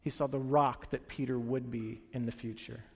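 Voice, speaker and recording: A man preaching a sermon as a pastor, telling stories with energy, acting out quoted lines and dropping to quiet earnest moments. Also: medium pitch, fairly even intonation, normal speed, gravelly, breathy edge, in a large hall.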